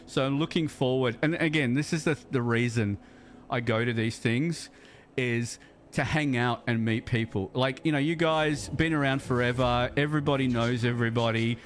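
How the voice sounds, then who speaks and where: A man's voice: medium pitch, moderate pace, a little hiss or hum. Chatty Australian man streaming a game. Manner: rambling, chatty, repeats words while thinking aloud. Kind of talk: casual gaming livestream chat.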